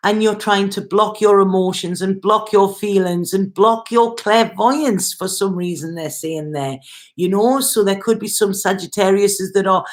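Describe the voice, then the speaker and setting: A woman's voice: mid-range voice, unhurried. A woman giving a tarot reading to camera, talking straight to the viewer in a chatty, reassuring way and repeating herself. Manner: addresses viewer directly. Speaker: tarot reader.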